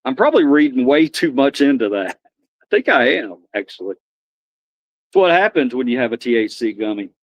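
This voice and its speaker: A man's voice: mid-range voice, sing-song, moderate pace, no room sound, muffled recording. Rambling man chatting on a live stream. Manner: rambling, repeats and restarts phrases. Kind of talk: casual live-stream chat.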